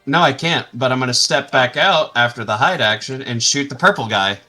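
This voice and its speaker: A man playing a tabletop game, good-humored and quick to mock his own bad luck. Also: medium pitch, pushed and bright, faint music behind. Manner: good-humored, self-mocking. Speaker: player.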